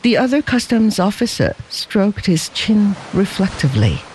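A man narrating a story in a measured, expressive reading. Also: high-pitched, slight background noise, poor audio. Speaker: audiobook narrator.

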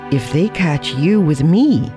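A narrator voicing an earnest, gentle young man who speaks in simple broken English. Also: medium pitch, expressive, slow, music in the background. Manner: simple clipped phrasing, gentle.

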